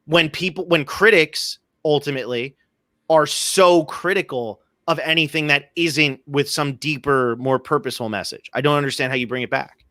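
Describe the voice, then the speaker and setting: A man co-hosts a podcast, ranting casually as he shares his opinions on films. His voice sits on the high side with a sharp tone and a moderate pace. The recording is dry, with clean studio sound.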